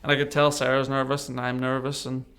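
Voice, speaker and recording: A man's voice: mid-range voice, fast talker, gravelly, clear, resonant tone. A man, a podcast guest telling a personal story and acting out what people said. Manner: animated, acts out remembered dialogue. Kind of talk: casual storytelling interview.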